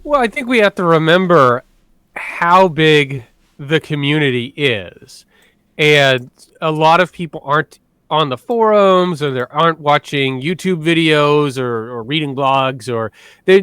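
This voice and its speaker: Lively bright-voiced man on podcast. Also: a little high, measured pace, clean tone, no room sound. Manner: animated storyteller, laughs often. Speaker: podcast co-host. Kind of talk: casual podcast chat.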